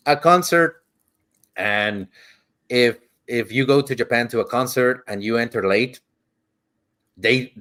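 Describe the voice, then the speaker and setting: A man's voice: mid-range voice, a bit bright. A man co-hosting a podcast, telling a travel story in casual chat, rambling, swearing freely and acting out the quotes. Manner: acts out quotes in shifting voices. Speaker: podcast co-host.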